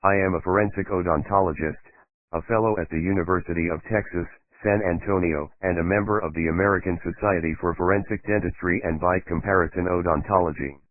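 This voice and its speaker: A man voicing a detached male forensic dentist giving measured, matter-of-fact courtroom testimony in an audiobook. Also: deep voice, steady tone, no room sound, lightly acted. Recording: tinny phone-like dry sound.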